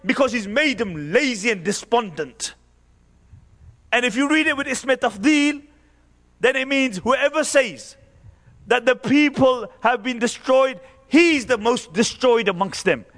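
High-voiced man preaching in a hall. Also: fairly bright tone. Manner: impassioned, rhetorical questions, quotes Arabic verse. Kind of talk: sermon. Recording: reverberant hall.

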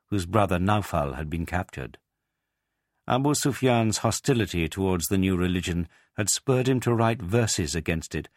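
Deep-voiced man reading a history. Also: no room sound, clean studio sound. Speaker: audiobook narrator. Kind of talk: scripted narration.

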